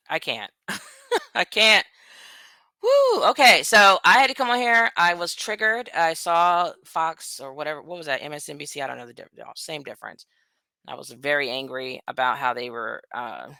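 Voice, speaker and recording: A woman's voice: low-pitched, gravelly, pushed and bright, clean tone, dry recording. Blunt woman ranting on her vlog. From United States. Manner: blunt, profane, ranting, quick asides. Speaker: vlogger. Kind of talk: casual political commentary to camera.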